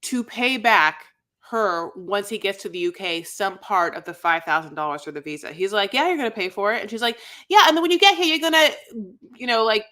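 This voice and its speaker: A woman co-hosting a casual podcast, relaxed, retelling scenes and acting out the quotes. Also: mid-range voice, brisk. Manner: relaxed storyteller, acts out quotes, fillers like "you know". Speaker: podcast co-host. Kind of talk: casual chat.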